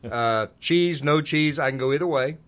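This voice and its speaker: A man with a slightly high voice hosts a local sports radio segment at a moderate pace. His on-air chat is casual, folksy and rambling, and he pokes fun at himself.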